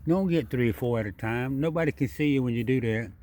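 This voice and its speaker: A man's voice: mid-range voice, fast talker, darkish tone. A man's voice in a middle register, chatty and repetitive as he talks to a wild animal. He narrates casually outdoors at night. The sound comes from a handheld camera. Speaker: wildlife video maker.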